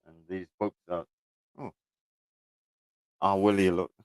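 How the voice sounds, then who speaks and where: A man's voice: deep voice, little pitch movement, slow, a little hiss or hum. A middle-aged man chatting casually at home, rambling, chuckling and swearing freely as he talks to camera. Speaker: vlogger. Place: room at home, indoors.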